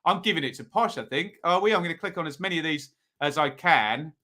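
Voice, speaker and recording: A man's voice: on the high side, animated, fast talker, pushed and bright. A man hosting a casual live football review, chatting with viewers and reading out their votes with frequent ums. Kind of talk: casual live-stream commentary.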